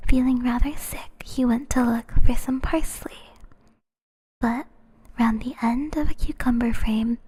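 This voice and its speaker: A woman whispering a bedtime story for an ASMR stream, soft and giggly, with chatty asides, close to the mic. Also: a little high, husky.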